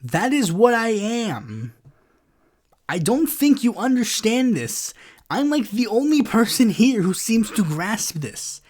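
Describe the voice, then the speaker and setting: A man's voice: sits high, big pitch swings, slow pace, a little mellow. A man hosting a podcast, ranting casually and sarcastically, exasperated, filling his talk with "like" and "it's like". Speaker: podcast host.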